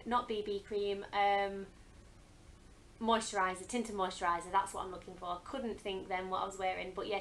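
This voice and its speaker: A woman's voice: medium pitch, sharp tone, slight background noise, low-quality recording. A young woman talking casually to camera as a vlogger, chatty and earnest, with frequent hesitant ums. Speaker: beauty vlogger. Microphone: camera mic.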